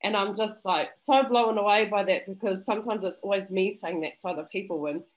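A woman's voice: medium pitch, a little fast, low-quality recording. A woman speaking over a video call, giving an effusive, emotional and grateful testimonial in a heartfelt way. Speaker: student interviewee.

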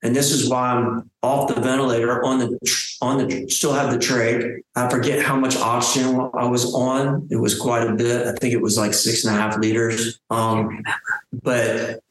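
A man telling his survival story as an interview guest, halting and restarting his phrases. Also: medium pitch, level tone, a little hiss or hum. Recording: very echoey room.

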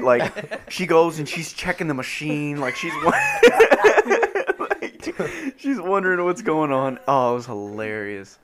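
Young man, lively laughing storyteller. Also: on the high side, takes it slowly. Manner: laughing storyteller, says dude a lot. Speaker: podcast co-host. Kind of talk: casual chat.

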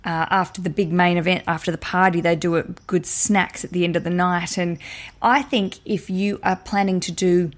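A woman hosting a podcast, talking in a chatty, animated way and getting worked up and ranty. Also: fairly low pitch, normal speed. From Australia. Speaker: podcast host. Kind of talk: casual solo podcast talk.

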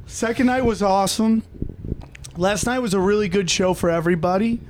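A man's voice: high voice, fairly quick, a little hiss or hum. A man, a comedian, chatting casually about his recent shows. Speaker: comedian guest. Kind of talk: casual chat.

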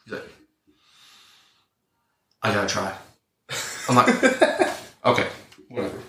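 A man's voice: fairly low pitch, a little slow. A young man in his twenties, a podcast co-host and hunting guide, telling a story casually with lots of profanity and acted-out dialogue. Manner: profane, animated storyteller acting out both sides. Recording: roomy, distant mic with faint noise.

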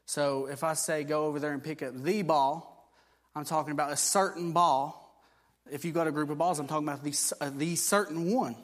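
A man's voice: on the high side, steady tone, moderate pace. A man preaching a sermon, explaining things in a conversational teaching way with fillers and restarts, then building to emphatic repeated declarations.

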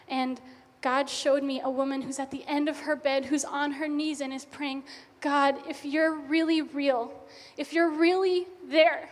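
Heartfelt high-voiced woman in a reverberant church. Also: level tone, moderate pace. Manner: heartfelt and emotional storytelling. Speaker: missionary. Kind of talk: personal testimony. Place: church sanctuary.

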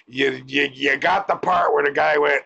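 A man's voice: on the high side, vocal fry, bright, forceful tone, husky, dull audio. A man giving a blunt, profane opinion rant to camera as a vlogger.

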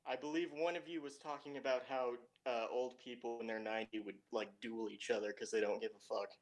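A man with a mid-range voice who cuts into the friends' banter with short, dry asides. He speaks plainly and sounds relaxed among them. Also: mid-range voice, brisk, low-quality recording. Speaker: podcast co-host.

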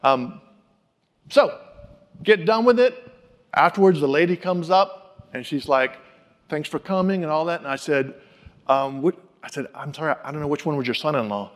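A man delivering a sermon in a lively storytelling style, acting out the people he quotes. His voice sits a bit high for a man. The sound carries a long reverb from a large hall. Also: normal speed, pauses often. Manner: animated, acts out quoted voices. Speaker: pastor.

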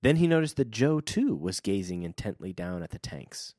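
Man reading a book aloud on a podcast, animated, laughing a lot, very dry close mic. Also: on the low side, normal speed, no room sound. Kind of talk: casual chat and read-aloud.

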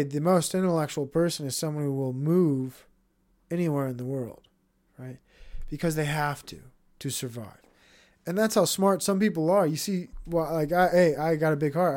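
A man's voice: a little high, darkish tone. A man talking in a rambling, blunt and profane casual monologue as a podcast host.

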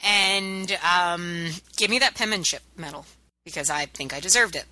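Upbeat jokey woman, podcast hostess, very bright tone, dry sound. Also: fairly low pitch, normal speed, dry recording, low-quality recording. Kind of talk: casual chat.

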